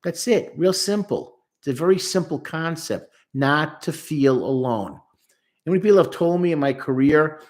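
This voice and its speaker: A therapist gives emphatic commentary on a song, quoting lyrics and acting out lines and voices as he explains. His voice is fairly high and animated, at a moderate pace.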